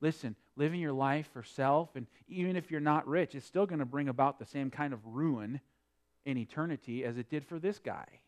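A man preaching a sermon, swinging between quiet explanation and loud emphatic preaching. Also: a little high, moderate pace. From North Dakota. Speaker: pastor.

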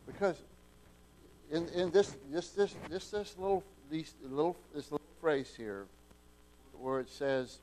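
A man's voice: a little high, measured pace, a little hiss or hum, rough recording. Folksy preacher man, surging delivery. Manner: folksy preaching, repeats words, swings from quiet to loud. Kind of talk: sermon.

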